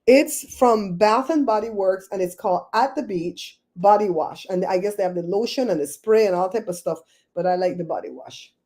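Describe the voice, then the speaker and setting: A woman's voice: mid-range voice, moderate pace, dark tone. A woman hosting a casual livestream, chatting with viewers by name and laughing often. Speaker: livestream host.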